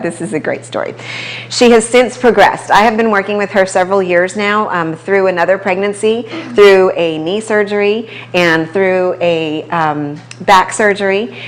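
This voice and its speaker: A woman personal trainer telling stories about her clients in a casual talk at an office, with quick asides. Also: medium pitch. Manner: conversational storytelling, quick asides. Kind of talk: casual talk to a small audience. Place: chiropractic office.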